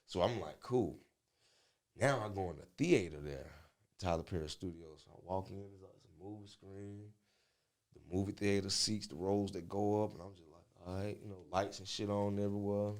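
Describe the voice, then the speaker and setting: Guy on a podcast, lowish voice, telling a wild story, laughing and doing everybody's voices. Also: normal speed. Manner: animated, laughing, acts out voices in his stories. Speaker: podcast guest. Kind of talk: casual storytelling.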